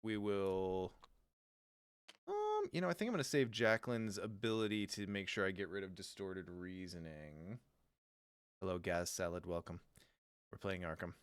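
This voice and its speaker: A man's voice: low voice, big pitch swings, normal speed, long pauses, smooth, no room sound. A man hosting a card game podcast, joking and laughing as he talks through his moves. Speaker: podcast host. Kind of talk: casual tabletop game play on a podcast.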